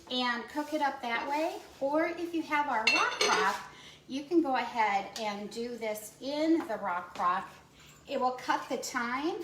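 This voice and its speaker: A woman's voice: on the high side, roomy sound, distant mic, noisy background. A woman giving a chatty step-by-step cooking demonstration in a kitchen. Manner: chatty step-by-step instructions with fillers.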